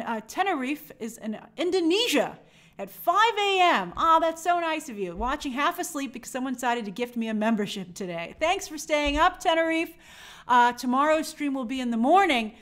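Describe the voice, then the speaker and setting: A woman's voice: sits high, expressive, a little fast, fairly bright tone. A young woman hosting a movie live stream, chatting upbeat and reading out viewer comments.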